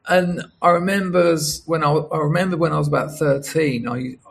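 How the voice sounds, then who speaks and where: A man's voice: fairly high pitch, steady tone, moderate pace, vocal fry. A middle-aged man, a writer, talking casually in a rambling monologue with many restarts, acting out quoted dialogue. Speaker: writer and storyteller.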